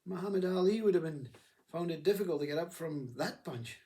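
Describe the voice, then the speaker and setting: A man's voice: on the high side, animated, brisk, mellow, far from the mic. Man giving a reflective spiritual talk. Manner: reflective, acts out inner voices. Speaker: spiritual teacher.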